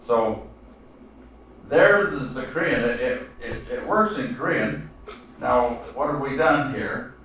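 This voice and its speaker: A man teaching a seminar class in a halting lecture style, full of fillers and restarts. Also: mid-range voice, animated, fairly bright tone, lo-fi sound, slight background noise. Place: seminar room. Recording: echoey room, mic far off.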